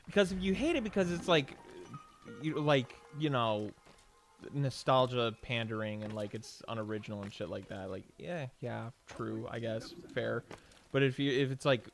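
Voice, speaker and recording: A man's voice: medium pitch, normal speed, gravelly, soft background music. A young man streaming from home, chatting casually and rambling between game moments, with plenty of swearing and "like". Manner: rambling and profane, with frequent "like" and restarts. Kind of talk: casual chat while gaming.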